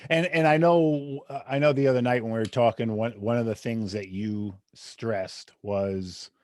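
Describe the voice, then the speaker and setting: A man hosting a podcast, chatting in a relaxed, agreeable way. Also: mid-range voice, normal speed, no room sound, clean studio sound. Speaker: podcast host. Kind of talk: casual podcast interview.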